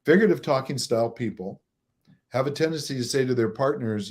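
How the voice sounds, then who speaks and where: A man's voice: medium pitch, fairly quick. Chuckling man explaining at an easy pace. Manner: chuckles often, acts out examples; steady, moderate pace by his own account. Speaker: relationship coach guest. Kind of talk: explanatory interview talk.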